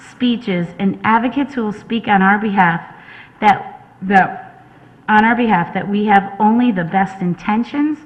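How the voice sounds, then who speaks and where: A woman reads a prepared pitch for her application at a town hearing, earnest and a little stumbling. The sound is dull and lo-fi, like a local broadcast. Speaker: applicant presenting a proposal. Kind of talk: reading a prepared speech.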